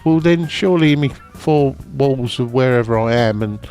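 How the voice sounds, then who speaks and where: A man's voice: mid-range voice, normal speed, a little mellow, soft background music. A man co-hosting a casual podcast, opinionated, emphatic and jokey. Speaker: podcast co-host. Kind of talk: casual chat.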